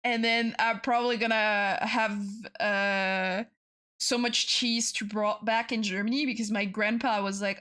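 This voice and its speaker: A young woman with a French accent chatting casually on a stream, swearing a lot, laughing often and repeating herself when she gets excited. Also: medium pitch, normal speed. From France. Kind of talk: casual chat.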